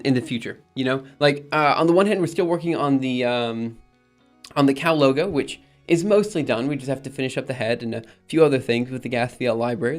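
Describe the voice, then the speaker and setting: Casual male streamer talking through plans, halting and self-correcting, soft music underneath. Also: medium pitch. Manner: thinking aloud, many ums and restarts. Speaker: streamer and project maintainer. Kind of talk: casual live-stream chat.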